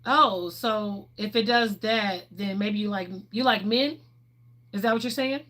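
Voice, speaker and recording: A woman's voice: mid-range voice, unhurried, bright, forceful tone. A middle-aged woman, chatting candidly on a livestream and answering viewers' questions, laughing often. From Texas, USA. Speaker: livestream host.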